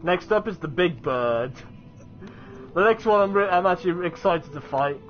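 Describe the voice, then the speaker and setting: A man's voice: high-pitched, expressive, moderate pace, dull audio, soft background music. A young man casually commenting while playing a video game, chatty and rambling, often restarting his sentences. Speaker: let's play gamer.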